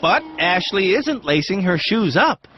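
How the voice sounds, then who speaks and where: A man's voice: high voice, very animated, measured pace, slight background noise. A man narrating a reality driving show in a wry, dryly sarcastic way. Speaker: host and narrator. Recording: dull lo-fi TV audio with music.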